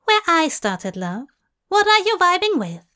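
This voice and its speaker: A woman's voice: very high voice, sing-song, a little slow, bright, forceful tone, pitched above the performer's own voice, full character voice. A woman voicing a flamboyant, doting bar-owner woman who teases and calls everyone love, in a storybook reading. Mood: teasing. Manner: breezy, teasing, calls people love.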